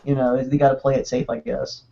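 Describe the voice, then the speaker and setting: A man casually chatting on a podcast, excitable and rambling, with quick restarts. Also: mid-range voice, creaky. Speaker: podcast co-host. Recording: dull lo-fi podcast audio.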